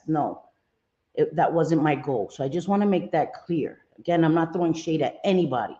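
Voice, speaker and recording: A woman's voice: deep voice, moderate pace, dark tone, highs cut off. A woman hosting a casual livestream, greeting viewers by name and chatting loosely, laughing easily. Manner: chatty, reads chat names aloud, laughs easily. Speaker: livestream host.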